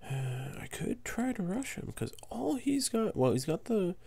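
Gravelly young man muttering game commentary. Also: very animated, measured pace, warm tone. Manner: muttering to himself, then flaring into high exasperated yelps. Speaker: gamer commentating his own match. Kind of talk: casual gameplay commentary.

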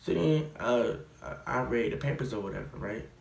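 A young man in his teens, vlogging in casual, slangy, expressive chat that rambles and stutters. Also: mid-range voice, moderate pace, creaky, roomy sound.

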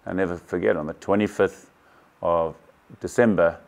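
A man's voice: deep voice, steady tone, normal speed, creaky. A man in his sixties from South Africa, candidly recounting a personal story to camera in a matter-of-fact way. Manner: candid, matter-of-fact, quotes others in dialogue. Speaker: kayaking champion telling his story.

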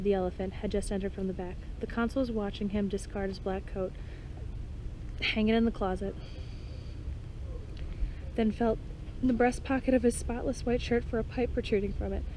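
A woman reading a novel aloud at a measured pace, with occasional slips and restarts. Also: mid-range voice, mellow, slight background noise, poor audio. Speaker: audiobook reader. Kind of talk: scripted narration.

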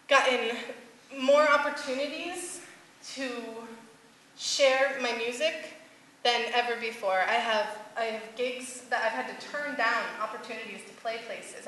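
A young woman, a singer-songwriter, telling a personal story on stage to a live audience, animated and laughing often, with many fillers. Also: fairly high pitch, measured pace, a little hiss or hum. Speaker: singer-songwriter giving a talk. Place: stage before a live audience, echoey hall. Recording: echoey hall with faint ambience.

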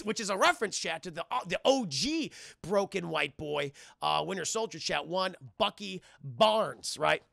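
A young man streaming a rambling, profane film recap to his chat, full of fillers and sudden loud voiced impressions. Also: lively intonation, normal speed, creaky, hardly any pauses, no echo, clean studio sound. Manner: jumps into loud high-pitched impressions of characters. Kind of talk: animated recap with voiced quotes.

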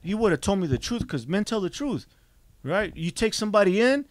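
A man's voice: high-pitched, sing-song, a little fast. A man on a podcast candidly telling his own life story, blunt and swearing often, getting emotional as it hits him. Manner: blunt, heavy swearing, acts out quoted dialogue; emotional, voice rising when stirred. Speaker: podcast guest.

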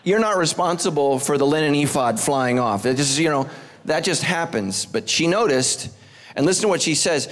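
A man's voice: a little high, expressive, moderate pace. A male pastor giving a humorous sermon to a congregation, breaking his scripture reading with playful jokes and asides. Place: church service before a live congregation.

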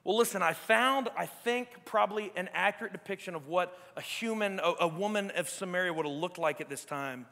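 A man preaching a sermon as pastor, emphatic and swinging between quiet reflection and loud exclamation, often asking "right?". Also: high-pitched, brisk, vocal fry, few pauses, in a large hall. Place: church sanctuary.

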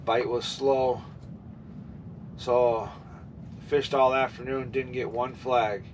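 Excited ice-fishing man, off-mic. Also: medium pitch. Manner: excited, talks to viewers while ice fishing. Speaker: fishing vlogger. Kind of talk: casual outdoor commentary. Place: outdoors on a frozen lake. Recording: outdoor wind noise, distant mic.

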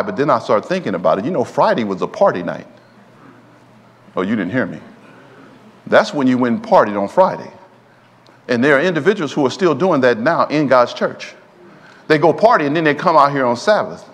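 A man's voice: mid-range voice, sing-song, a little fast, pauses often. A man preaching a sermon in a church, drawing call-and-response from the congregation. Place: church sanctuary. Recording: long hall reverb in a church.

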